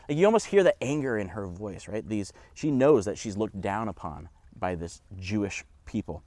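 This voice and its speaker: A man giving a casual, conversational Bible teaching with animated asides. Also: fairly low pitch, normal speed, dry recording.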